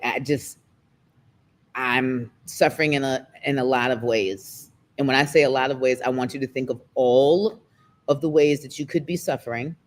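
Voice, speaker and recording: A woman, a guest talking candidly in an interview, emotional and close to tears, her pace speeding up and slowing down. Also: a bass voice. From United States. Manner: emotional, expressive, quick shifts in pace. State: near tears.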